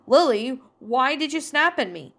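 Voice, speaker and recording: Captain Feathersword, woman voicing a gentle pirate. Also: sits high, measured pace, voice pushed up, exaggerated voice. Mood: concerned. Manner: calm, caring. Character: friendly gentle young pirate captain, man. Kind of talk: reading fan fiction aloud.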